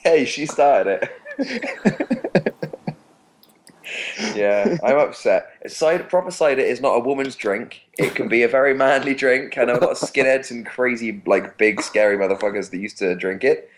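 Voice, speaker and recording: A man's voice: mid-range voice, brisk, hardly any pauses, slight background noise. A man with an English accent on a podcast, chatting casually, ranting and swearing freely. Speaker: podcast co-host. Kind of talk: casual chat.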